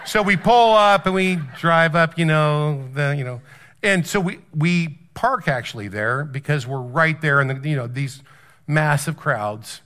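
Male pastor, fairly high and bright, animated storytelling sermon. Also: measured pace.

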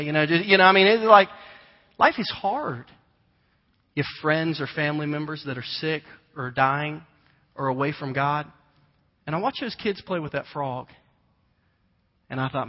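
A man, preaching a conversational sermon and telling stories with animated voices. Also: mid-range voice, a little fast. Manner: conversational storytelling, animated imitations of children. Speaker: pastor. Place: large church hall. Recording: long hall reverb, dull lo-fi sound.

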